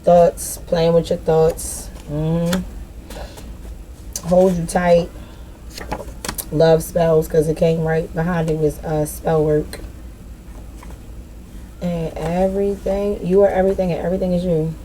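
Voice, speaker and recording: A woman's voice: on the low side, flat delivery, slow, pauses often, warm tone, slight background noise. A woman giving a casual spiritual tarot reading straight to the viewer, rambling and swearing freely. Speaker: tarot reader.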